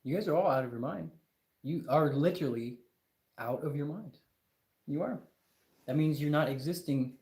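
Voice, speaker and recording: A man's voice: fairly high pitch, moderate pace, long pauses, dark tone, roomy sound. A man hosting a casual livestream, talking in an emphatic, exasperated rant with lots of repetition. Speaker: livestream host.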